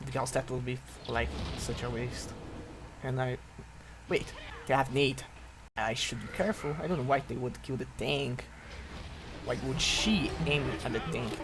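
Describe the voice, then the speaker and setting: A man giving let's-play commentary on a game, breaking into excited, swearing outbursts at the action. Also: medium pitch, gravelly, background noise. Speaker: gameplay commentator.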